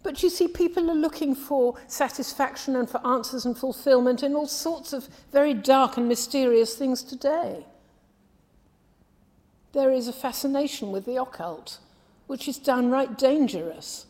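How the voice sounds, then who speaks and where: Speaking in a high voice, this Midlands Englishwoman delivers a sermon with earnest, measured care, frequently letting her phrases trail away quietly. The sound carries a long hall reverb.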